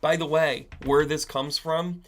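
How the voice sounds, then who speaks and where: A man's voice: on the high side, steady tone, unhurried. A man hosting a live stream as a psychic medium, talking casually to viewers in a blunt, profane, ranting way. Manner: blunt and profane, given to rants.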